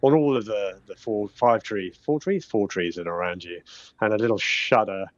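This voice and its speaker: A man game master narrating a tabletop game in a calm, descriptive way. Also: on the low side, normal speed, dry recording, lo-fi sound.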